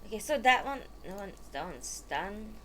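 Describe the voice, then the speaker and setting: A woman's voice: mid-range voice, big pitch swings, normal speed, fairly bright tone, a little hiss or hum. A woman streamer chatting live while she sets up, exasperated, swearing and muttering to herself.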